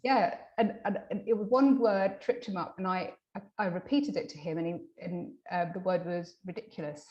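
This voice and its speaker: A woman hypnotherapist in a casual interview, telling a client story with lively acted-out quotes and frequent restarts. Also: fairly low pitch, moderate pace, dull audio. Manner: animated, acts out quoted dialogue; many fillers and restarts. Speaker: hypnotherapist guest.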